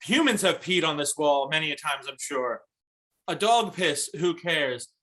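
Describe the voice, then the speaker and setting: A man co-hosting a comedy podcast, teasing his friend with quick jokes in casual banter. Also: a little high, expressive, bright, forceful tone. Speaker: podcast co-host.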